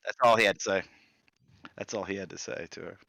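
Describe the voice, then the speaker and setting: A man's voice: deep voice, fairly even intonation, quick pace, vocal fry, bright, forceful tone, no room sound, studio quality. A man narrating a tabletop game as game master, describing actions casually.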